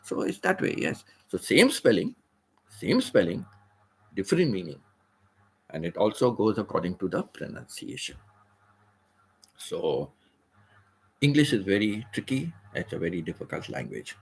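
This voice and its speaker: A man hosting a casual livestream, explaining words patiently and repeating phrases, with the occasional throat clear. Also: low voice, very animated, normal speed, long pauses. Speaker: livestream host. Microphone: computer or phone mic, seated.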